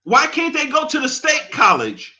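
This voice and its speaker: A man's voice: very high voice, huge pitch swings, moderate pace, sharp tone, highs cut off. A man, giving an impassioned monologue that repeats phrases for emphasis. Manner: preachy, emphatic, repeats phrases, laughs at his own points. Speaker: commentator.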